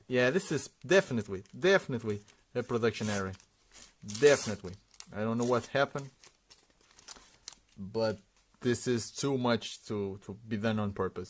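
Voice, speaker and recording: A man at an everyday middle pitch talks through an unboxing in a relaxed, off-the-cuff way. He reads names aloud one after another, pausing on fillers as he goes. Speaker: sticker unboxing host. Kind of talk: casual unboxing commentary.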